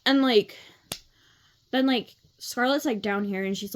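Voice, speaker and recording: Casual lady reading a storybook, fairly high voice, says like a lot, swears some. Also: unhurried, long pauses. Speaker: reader. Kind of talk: casual read-aloud of a children's book.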